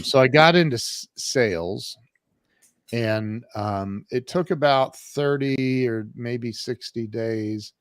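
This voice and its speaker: A man's voice: lowish voice, no echo, studio quality. Man in his 50s telling his story. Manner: animated storyteller with frequent restarts and fillers. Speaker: podcast guest, entrepreneur. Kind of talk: conversational life storytelling.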